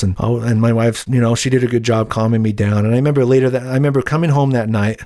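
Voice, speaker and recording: A man's voice: mid-range voice, fairly even intonation, fast, a little mellow, dry recording, studio quality. A young adult man hosts a solo podcast, telling a personal story in a candid, rambling, indignant way. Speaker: podcast host.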